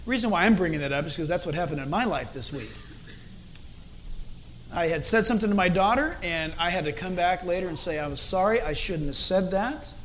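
A middle-aged man preaching a sermon as a pastor, animated and acting out different tones of voice as he speaks. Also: high voice, fairly quick, slight background noise.

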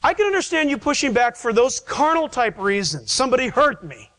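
A man's voice: extremely high pitch, very animated, a little fast, a bit bright, poor audio. A male pastor preaching a sermon in a church, pleading and emphatic, with rhetorical questions to the congregation.

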